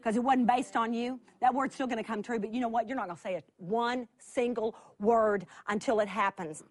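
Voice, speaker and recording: A woman teaching from scripture in an animated, lively sermon, laughing as she tells the story. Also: on the high side, brisk. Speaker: Bible teacher.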